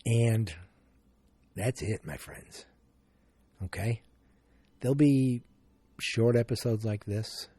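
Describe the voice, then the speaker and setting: A man's voice: mid-range voice, slow pace, long pauses, mellow, breathy edge, no echo. A man hosting a casual solo podcast, thinking aloud and rambling with restarts. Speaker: podcast host.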